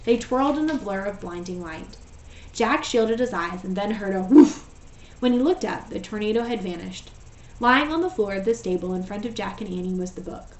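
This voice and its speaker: Teacher reading a storybook aloud, roomy echo. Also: female voice, mid-range voice. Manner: steady, gentle narration. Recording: echoey room, voice far from mic.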